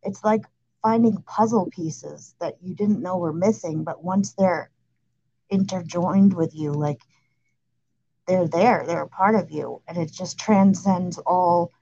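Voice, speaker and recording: A woman calmly and confidently explaining spiritual ideas in a casual conversation, speaking with assurance. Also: on the low side, highs cut off, a little hiss or hum. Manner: calm, assured, speaks of light codes. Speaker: spiritual guide.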